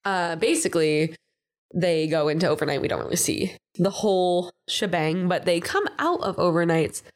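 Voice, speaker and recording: A woman's voice: on the low side, lively intonation, moderate pace. A woman co-hosting a podcast, chatting casually through a recap and acting out quotes in playful voices. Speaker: podcast co-host. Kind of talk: casual chat recapping a reality show.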